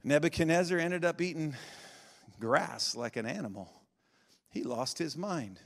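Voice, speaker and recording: A man preaching a revival sermon, swinging between shouting and quiet intensity and laughing often. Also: a little high, expressive, a little slow, gravelly. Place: large church sanctuary. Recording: long reverb of a big hall.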